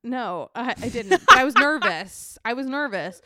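A woman's voice: a little high, moderate pace, a little hiss or hum. A woman in her thirties with a New York accent, co-hosting a podcast in casual chat and telling stories with lots of laughter. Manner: animated, laughing storyteller. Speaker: podcast co-host.

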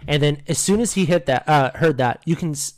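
A man's voice: fairly high pitch, a little fast, dry recording, low-quality recording. An American man co-hosting a podcast in casual chat, joking and laughing often. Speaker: podcast co-host.

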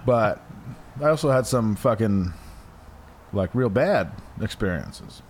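A man's voice: on the low side, expressive, slow, a little hiss or hum. A man in his thirties hosting a podcast, talking in a rambling, crude way full of fillers. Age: 30s. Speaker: podcast host. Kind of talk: casual chat. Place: room with a window open near a porch.

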